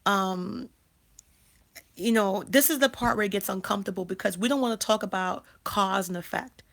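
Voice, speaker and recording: A woman's voice: medium pitch, moderate pace, creaky, fairly bright tone. A woman in her thirties hosting a casual livestream, talking emphatically and repeating phrases with frequent restarts. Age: 30s. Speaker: life coach and channel host.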